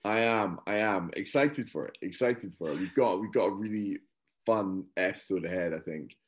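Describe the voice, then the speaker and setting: A man co-hosting a football podcast, chatting in a relaxed, rambling way with lots of fillers. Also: low-pitched, moderate pace. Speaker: podcast co-host. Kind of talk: casual chat.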